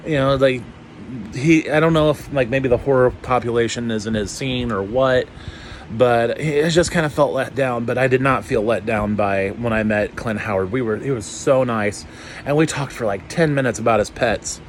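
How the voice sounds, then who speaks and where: A man talking straight to camera in a loose, rambling vlog. His pitch sits in an ordinary middle range, and he gets excitable and swears freely. He uses lots of "um" and "like" as he goes. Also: normal speed, a little hiss or hum. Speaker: YouTuber. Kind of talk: casual vlog chat.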